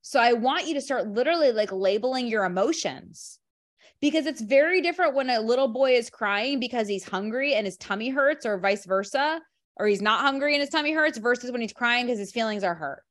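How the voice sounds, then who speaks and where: Female group coach, higher voice, emphatic, casual talk with many restarts. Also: lively intonation, brisk, fairly bright tone. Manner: emphatic, leans on "literally" and "like", restarts often.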